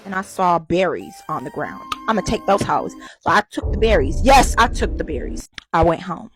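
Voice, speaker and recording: A woman tells a storytime tale with a lively voice that leaps up and down. She is profane and self-mocking, switching dramatically into acted voices. Music plays behind her. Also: fairly low pitch, fairly quick, few pauses. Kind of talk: storytime vlog.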